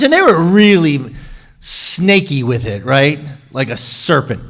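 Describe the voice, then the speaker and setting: Animated man telling a story on stage. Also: a little high, unhurried. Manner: animated, swings between loud emphasis and hushed asides. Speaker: conference speaker. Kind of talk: storytelling speech.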